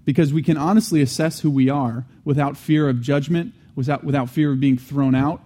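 A man's voice: fairly high pitch, fairly even intonation, brisk, mellow. A man giving an earnest teaching sermon, restating key phrases and adding conversational asides between restarts. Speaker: Christian teacher.

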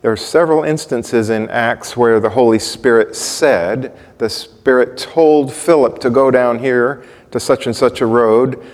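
A man delivers a sermon in an easygoing, conversational manner, often pausing to ask his listeners questions. His voice sits at an ordinary middle pitch for a man. It rings out with the long reverb of a large church hall. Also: darkish tone. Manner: conversational, asks the congregation questions. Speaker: preacher.

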